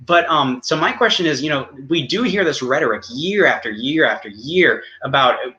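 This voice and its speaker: Bright-voiced man debating fast. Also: on the high side, expressive, dull audio. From United States. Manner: rapid, halting, many restarts. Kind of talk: online debate, cross-examination.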